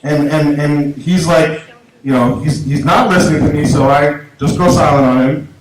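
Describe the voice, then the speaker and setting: A man's voice: a little high, fairly even intonation, normal speed. A man doing a stand-up set, telling a story in a rambling way with many restarts. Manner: rambling, restarts often, acts out quotes in a raised voice. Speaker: stand-up comedian. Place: small comedy venue. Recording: very echoey room, faint noise.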